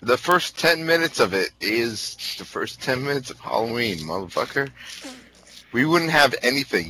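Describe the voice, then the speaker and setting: A man's voice: mid-range voice, sing-song, normal speed, sharp tone, slight background noise, low-quality recording. A man on a casual movie podcast, telling anecdotes with quoted lines, laughing often and swearing. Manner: laughing, profane, tells anecdotes with quoted dialogue. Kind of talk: casual movie commentary chat.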